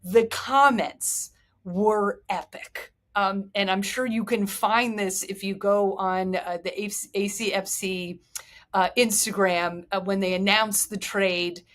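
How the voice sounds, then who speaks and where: A woman's voice: mid-range voice, steady tone, slow pace, fairly bright tone. Chatty, candid woman host with a mid-range voice, casual rambling delivery. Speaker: podcast host. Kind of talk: casual chat.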